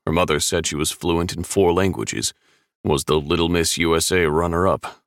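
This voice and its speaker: A man reading a first-person story aloud in a steady, measured way. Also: rumbling low, no echo, clean studio sound. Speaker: audiobook narrator.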